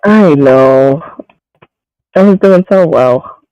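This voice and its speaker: A man's voice: a little high, very slow, a little mellow, no echo. A man chatting casually as a co-host, giggly and self-mocking, who laughs often. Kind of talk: casual chat. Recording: slightly muffled mic.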